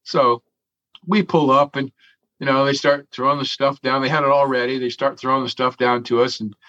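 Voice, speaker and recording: A man's voice: medium pitch, level tone, pushed and bright, lo-fi sound. A man telling a long story in an interview, swearing freely and chuckling as he goes. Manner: profane, chuckling, drawn-out storyteller. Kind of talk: casual storytelling.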